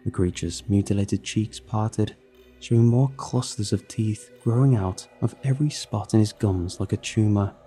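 A man narrating a horror story in a measured, grim storytelling manner. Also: fairly low pitch, warm tone. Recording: narration with faint music underneath.

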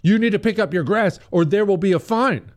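A man's voice: high voice, fairly quick, pitched above the performer's own voice, natural voice. A man quoting a stern, officious woman from a homeowners association who makes demands. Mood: demanding.

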